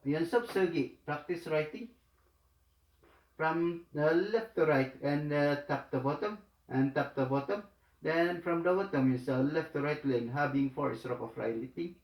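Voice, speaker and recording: Slow, halting man with a high voice. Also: reverberant. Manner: halting, many fillers, repeats each phrase. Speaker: language teacher. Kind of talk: slow instructional lesson.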